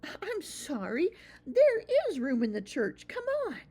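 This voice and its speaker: A woman voicing an eager, excitable young boy mouse in a children's storybook reading, high and bouncy. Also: a little slow, exaggerated voice.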